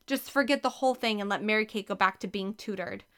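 A woman's voice: medium pitch, fast, a bit bright, close to an everyday voice. A woman voicing a lovestruck, determined eleven-year-old girl, earnest and wistful.

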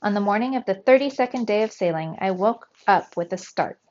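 A woman's voice: mid-range voice, fairly quick, hardly any pauses. Woman reading a children's story aloud. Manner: lively, voices the dialogue with raised energy. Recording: slightly dull, lo-fi sound.

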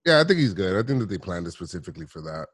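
Lower-voiced man making dry quips. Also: big pitch swings, racing, husky. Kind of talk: casual sports chat.

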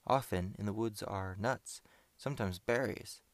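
A man voicing a quiet young foreigner who speaks in simple, halting phrases, in an audiobook. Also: lowish voice, no echo. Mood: plain.

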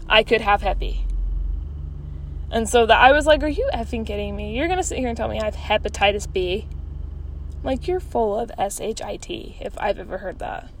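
A woman's voice: fairly high pitch, fairly bright tone. A woman vlogger venting with emphasis and exasperation, rambling through a casual story to the camera.

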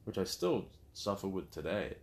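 A man's voice: low voice, sing-song, normal speed. A young man speaking candidly as an interview guest, telling his story openly and acting out quotes with animation.

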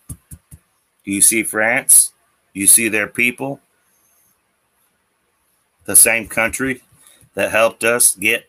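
A man ranting about politics at a slow, heavy pace, repeating words for emphasis and swearing freely. His voice sits a little low but rings bright and forceful. He speaks as the host of his own show. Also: low-quality recording. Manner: profane, emphatic, repetitive. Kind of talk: angry political rant.

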